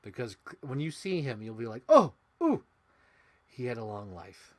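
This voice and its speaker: An excitable young man talks to camera about his old toys, his voice leaping from high, loud squeals down to low mutters. His pitch sits in an ordinary middle range but moves a lot, and he swears now and then in easy, casual chat. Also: brisk. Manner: excitable, swings between shrieks and mumbles. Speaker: toy unboxing vlogger.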